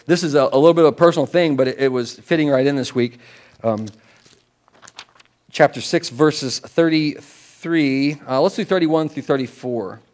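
Lively middle-aged male pastor preaching. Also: normal speed. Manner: animated, with sudden rises in pitch and volume; chatty, with repeated words and asides. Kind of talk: conversational sermon.

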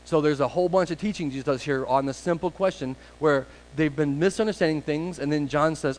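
A male pastor preaching a conversational sermon, full of casual asides and rhetorical questions, sometimes brisk and sometimes drawn out. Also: fairly high pitch, a little mellow, poor audio.

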